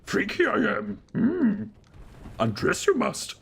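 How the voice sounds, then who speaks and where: A man with a German first language putting on a little wise old alien master who speaks in backwards word order, croaky and drawn out. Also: sits high, huge pitch swings, slow pace, fairly bright tone, voice pushed up, full character voice. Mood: teasing.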